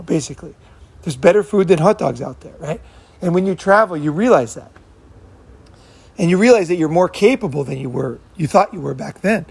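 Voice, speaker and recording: A man with a gravelly, husky voice that sits a little high for a man. He rambles through an unscripted monologue, swearing freely and circling back to repeat his points. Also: darkish tone. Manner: profane, rambling storyteller who repeats himself. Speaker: channel host.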